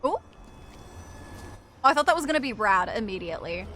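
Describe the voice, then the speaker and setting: A woman's voice: medium pitch, animated, very fast, pushed and bright, slight background noise. A young woman streaming a video game, chatting casually to her viewers, giggly and self-mocking, swearing freely. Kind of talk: casual gaming stream chat.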